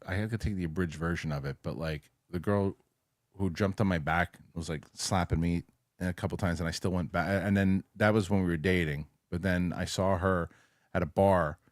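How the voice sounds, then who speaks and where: A man co-hosting a casual chat show, reading viewer comments and telling rambling, animated stories. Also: low-pitched, no echo, studio quality.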